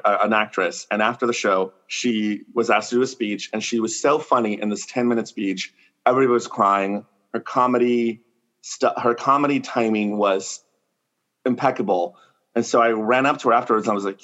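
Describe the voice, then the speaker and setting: Man, comedian, casual podcast chat, animated storyteller, slightly dull lo-fi audio. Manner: animated storyteller, acts out quotes in a raised pitch.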